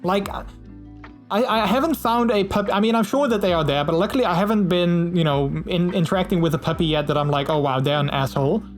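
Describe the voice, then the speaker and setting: Man, live streamer, casual chat, somewhat high voice, lots of "um" and "like", faint music underneath. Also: a little fast. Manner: chatty, warm, many fillers and restarts. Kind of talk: casual chat reading viewer messages.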